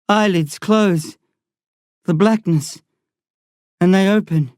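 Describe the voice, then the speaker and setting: A woman's voice: low-pitched, darkish tone, no room sound, studio quality. A woman narrating a novel in the first person, with an intense, dramatic delivery. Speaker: audiobook narrator.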